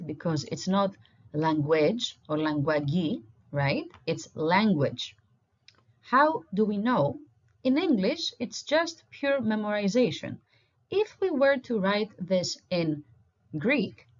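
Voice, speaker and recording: Slow, patient woman teaching letters. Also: medium pitch. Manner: patient, explaining step by step while pointing at slides. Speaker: language teacher. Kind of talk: recorded online lesson. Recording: dull lo-fi recording.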